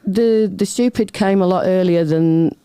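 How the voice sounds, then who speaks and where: A woman's voice: fairly low pitch, a little slow, dark tone, smooth. A middle-aged woman, a chatty, rambling storyteller talking as a guest in a casual interview. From Britain. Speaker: podcast guest.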